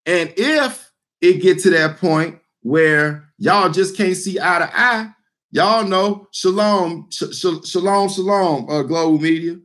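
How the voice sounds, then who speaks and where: A man's voice: on the high side, slow pace, a bit bright. A man giving an informal scripture teaching, talking loosely and bluntly with lots of fillers and repeated words. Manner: blunt and emphatic. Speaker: street preacher.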